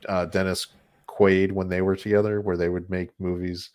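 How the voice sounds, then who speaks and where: A man's voice: low-pitched, flat delivery, normal speed, darkish tone. A man co-hosting a podcast, talking casually and rambling, with laughs between thoughts. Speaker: podcast co-host. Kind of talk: casual chat.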